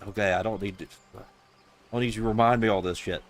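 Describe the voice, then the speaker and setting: A man's voice: fairly low pitch, flat delivery, brisk, soft background music. A man with a Southern US accent, streaming a game and reading its dialogue aloud with sarcastic, offhand commentary.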